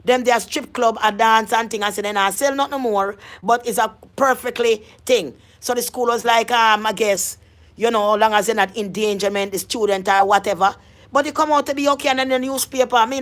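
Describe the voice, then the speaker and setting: A woman's voice: fairly high pitch, a bit bright. Emphatic woman. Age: adult. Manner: emphatic, repetitive, confrontational. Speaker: vlogger. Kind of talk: ranting vlog monologue.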